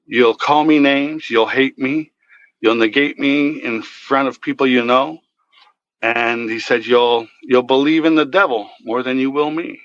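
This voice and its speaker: A man earnestly telling of a dream in a halting way, with many fillers. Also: medium pitch, steady tone, a bit bright, no echo, highs cut off. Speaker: guest telling his story. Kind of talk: personal storytelling.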